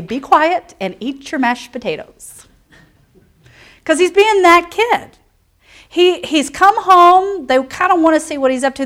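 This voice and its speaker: A woman pastor giving a conversational sermon, telling stories and acting out quotes. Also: high-pitched. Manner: storytelling with asides and acted-out quotes.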